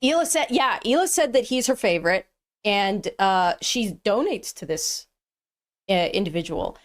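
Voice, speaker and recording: A woman's voice: mid-range voice, animated, moderate pace. A woman ranting casually on a livestream, dismissive and mocking, with lots of ums and uhs. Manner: dismissive and mocking, with filler words.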